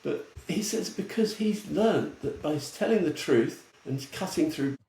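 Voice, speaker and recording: This retail futurist from England, appearing as a podcast guest, spins casual stories with bluntness and energy and laughs a lot. He speaks a little slowly in a higher-than-average, expressive, mellow voice with vocal fry, recorded in an echoey space with light background noise.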